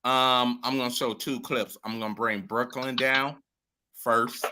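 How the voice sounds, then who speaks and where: A man's voice: medium pitch, steady tone, unhurried, background noise. A man hosting a live show who interviews a guest and speaks straight to his viewers about the phone lines and the comments. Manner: emphatic and profane, addresses viewers directly.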